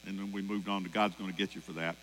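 A man preaching a sermon, animated, acting out voices and singing lines. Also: low-pitched, quick pace. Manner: animated, acts out voices and sings song lines. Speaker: pastor. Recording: long hall reverb with mains hum.

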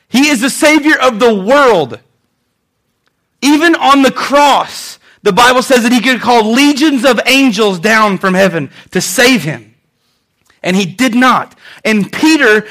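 A man preaching a sermon with a high-pitched voice for a man. He is animated and quick to joke, and he slips into acting out the lines he quotes. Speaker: pastor.

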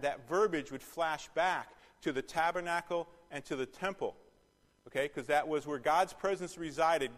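Bible teacher in a reverberant hall. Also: male voice, a little high. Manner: questions the class and repeats key phrases. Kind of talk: interactive Bible study teaching.

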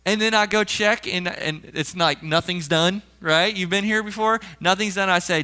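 A man's voice: high-pitched, a little fast, hardly any pauses, sharp tone, clean tone. A young adult man preaching a sermon as pastor, talking in a loose, conversational way and acting out little stories with animation.

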